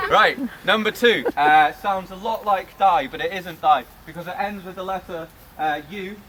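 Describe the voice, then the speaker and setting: A man's voice: high voice, animated, takes it slowly. A man teaching a group of students, chatty and teasing as he coaxes them through call-and-response drills. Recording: loud crowd noise behind.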